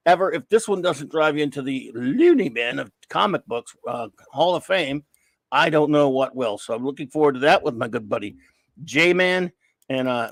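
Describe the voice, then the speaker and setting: A man with a Cajun accent hosts a casual livestream chat in a playful, rambling way. His voice sits fairly high for a man and comes through a dry, close recording. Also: dry recording. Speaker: podcast host.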